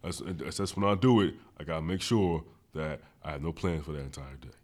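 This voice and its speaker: A young man hosting a podcast, telling laid-back stories in casual slang. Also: fairly quick. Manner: laid-back slang-heavy storytelling, gets high-pitched when laughing. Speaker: podcast host. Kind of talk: casual chat.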